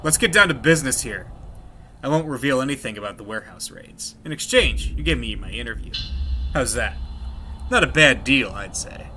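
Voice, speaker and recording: A man's voice: medium pitch, lively intonation, moderate pace, bright, forceful tone, a little hiss or hum. A man voicing a cocky, brash male journalist who taunts the people he talks to. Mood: mocking.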